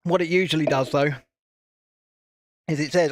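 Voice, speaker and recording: A British man chats away on a live stream, playful and easygoing, often tripping over and restarting his sentences. His voice sits a little high for a man. The sound is close and dry, with no room around it. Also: normal speed, long pauses, no echo. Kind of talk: casual chat while building Lego live.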